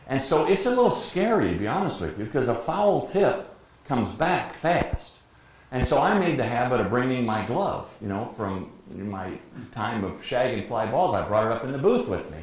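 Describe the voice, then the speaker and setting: A man in his sixties who grew up in Detroit, a sportscaster speaking as guest, telling lively anecdotes and acting out quotes with frequent laughter. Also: mid-range voice. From Detroit, USA. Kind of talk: anecdotal storytelling talk. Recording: very echoey room, faint background noise.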